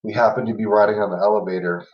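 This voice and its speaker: A man's voice: on the low side, steady tone, racing. Laid-back man telling work stories. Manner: laughs while telling stories, many "you know" and "everything else" fillers. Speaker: podcast host. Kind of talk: casual storytelling chat. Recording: echoey room, far from mic, dull lo-fi sound.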